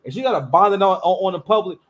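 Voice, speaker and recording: A man with a fairly high voice tells his own stories on a live stream. He talks loosely, starting over often and dropping slang as he goes. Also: expressive, fast, a bit bright. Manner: loose, rambling, full of restarts and slang. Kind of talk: casual storytelling monologue.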